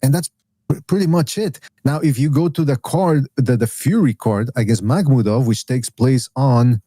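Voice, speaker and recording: Guy hosting a boxing chat, warm low tone, rambles and restarts a lot, dry sound. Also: normal speed, breathy edge, dry recording. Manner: opinionated, rambling with many restarts. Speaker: podcast host.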